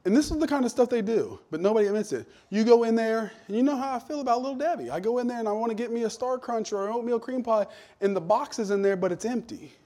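Animated high-voiced pastor preaching. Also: male voice, fast talker. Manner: animated, shifts from jokey asides to shouted rebukes. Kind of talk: lively sermon with personal stories.

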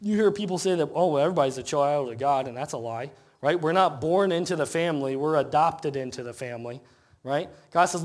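A pastor preaching a conversational sermon, asking rhetorical questions and reading scripture slowly. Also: male voice, on the high side. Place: church sanctuary.

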